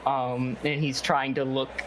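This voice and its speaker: A man's voice: medium pitch, little pitch movement, slow pace, a crowd in the background, poor audio. Man narrating a role-play game. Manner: loose, filler-heavy narration. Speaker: game master.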